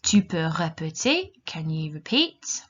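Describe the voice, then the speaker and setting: Slow, low-voiced woman teacher. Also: very animated, a little hiss or hum. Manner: slow, clear, encouraging instructions. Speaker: language teacher. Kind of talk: recorded classroom lesson for children. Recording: dull lo-fi recording.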